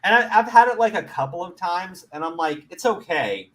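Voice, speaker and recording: Speaking at a moderate pace in a high-pitched voice, this commentary host from the Middle East fills his laid-back show with cursing and frequent laughter. His delivery is lively and crude, and his restarts come out stammered.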